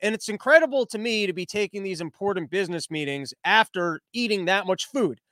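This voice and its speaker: A man's voice: high-pitched, animated, a little fast, pushed and bright, no room sound. A male comedian hosting a podcast, rambling through a crude, self-interrupting monologue. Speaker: comedian host.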